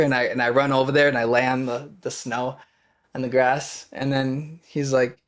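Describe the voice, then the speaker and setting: A man's voice: medium pitch, level tone, normal speed, a bit bright. A young man from Wisconsin, an actor and podcast guest, telling personal stories in loose, rambling casual talk and acting out his own past panic in quoted lines. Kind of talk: casual storytelling conversation.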